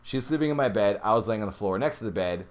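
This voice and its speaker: A podcast host, a young man, speaks fast as he casually recounts a true ghost story from his youth. He's animated, and his pitch climbs when the story gets tense.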